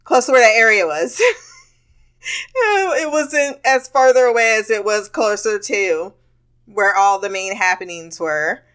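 A woman's voice: mid-range voice, measured pace, a bit bright, smooth. A woman hosting a podcast, telling a rambling, candid story in a casual monologue with frequent laughter and swearing. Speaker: podcast host.

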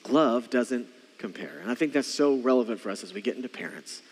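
A pastor preaches to his congregation in a church, speaking conversationally, repeating key phrases and slowing down to stress them. His voice is medium-pitched and slightly rough, with the sound of a big room around it.

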